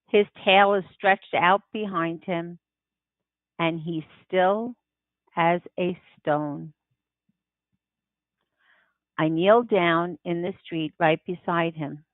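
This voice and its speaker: A woman reading a children's novel aloud in the first person, unhurried and expressive. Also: on the low side, no room sound. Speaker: audiobook reader. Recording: tinny phone-like dry sound.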